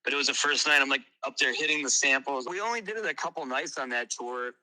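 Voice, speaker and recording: A man who is a guest musician, telling tour stories in a casual interview, animated and swearing freely. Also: mid-range voice, quick pace, low-quality recording.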